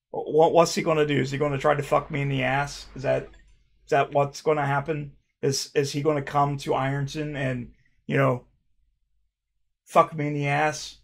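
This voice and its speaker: A man's voice: a little high, little pitch movement, normal speed, gravelly. A man reacting to viewer comments in a casual vlog, talking sarcastically and crudely, with mocking jokes and frequent laughing restarts. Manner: stammering restarts.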